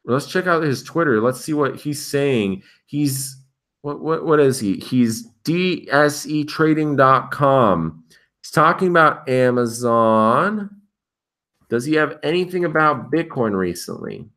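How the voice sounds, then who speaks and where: Brief: young male commentary host, mid-pitched, sarcastic and incredulous, reads headlines then mocks them. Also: expressive, unhurried, a bit bright. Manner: sarcastic, incredulous, reacts with sudden pitch jumps. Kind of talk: casual commentary reading headlines aloud.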